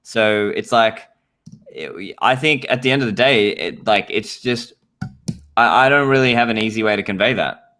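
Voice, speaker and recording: Australian man, young, bright forceful tone, rambling, lots of "like". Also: lowish voice, moderate pace. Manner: rambling, heavy use of "like". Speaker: podcast guest. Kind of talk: casual podcast chat.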